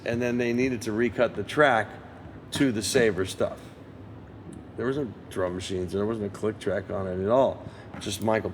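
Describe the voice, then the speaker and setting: A lower-pitched man in his sixties tells a studio story as an interview guest. He talks in a lively way and slips into other people's voices when he quotes them. A faint hum of the room sits behind him. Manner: lively raconteur who acts out others' lines. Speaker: interview guest, session guitarist. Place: museum interview set.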